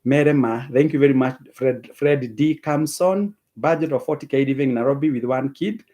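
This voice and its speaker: A man with a Kenyan accent hosts a live stream, reading out viewers' names and comments and thanking each one while switching between English and Swahili. His voice is mid-range and dark-toned, at a moderate pace.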